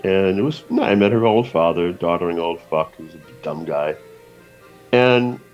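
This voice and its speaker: Man, low voice, profane rambling storyteller, slightly dull lo-fi audio. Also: lively intonation, normal speed, darkish tone, soft background music. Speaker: guest cartoonist. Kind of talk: casual podcast conversation.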